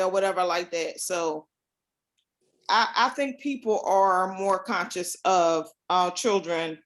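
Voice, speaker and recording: A middle-aged woman joins a video call as a guest. She speaks slowly and hesitantly, pausing often on fillers. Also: lowish voice. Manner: hesitant, unhurried, many fillers. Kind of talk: casual video call chat.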